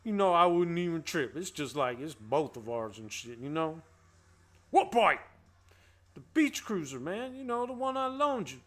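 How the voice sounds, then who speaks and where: A man's voice: on the high side, very animated, moderate pace, a bit bright. A man doing a playful impression of two young men from a comedy film who bicker in exaggerated street slang.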